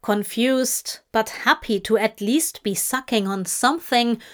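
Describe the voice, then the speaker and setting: A woman narrating a fan story in a slow, measured reading voice. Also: fairly high pitch. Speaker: audiobook reader. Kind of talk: scripted narration.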